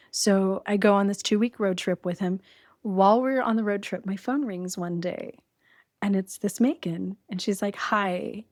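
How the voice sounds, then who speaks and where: A middle-aged woman tells a story as a podcast guest, lively and quick. She laughs often. Her voice sits at an ordinary pitch, and the recording is dry and close. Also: dry recording. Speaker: guest, abuse survivor.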